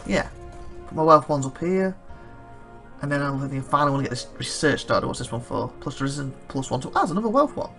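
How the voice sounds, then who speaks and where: A man commenting on his own strategy game, thinking aloud and rambling fast with a dry throat he keeps clearing. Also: medium pitch, expressive, a bit bright, soft background music. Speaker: let's play host. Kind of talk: gameplay commentary.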